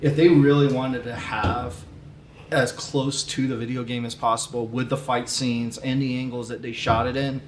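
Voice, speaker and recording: A man in a casual movie podcast chat, emphatic and quick to agree. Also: mid-range voice, level tone. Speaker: podcast co-host. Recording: roomy with light hiss.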